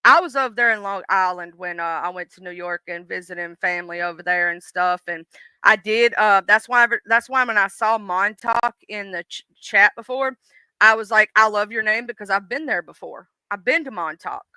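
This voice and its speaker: A woman with a Southern US accent chats casually on her live stream, calling out viewers by name in a folksy, easygoing way. Her voice is very bright and clear. The sound is close and dry. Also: medium pitch, normal speed, no room sound. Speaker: livestream host. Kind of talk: casual chat reading viewer comments.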